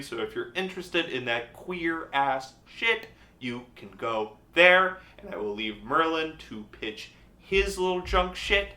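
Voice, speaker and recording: A man co-hosts a casual podcast in a playful, rambling, often profane way. His voice is very bright and forward, and the room around him rings with a noticeable echo. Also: medium pitch. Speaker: podcast co-host. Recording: roomy echo.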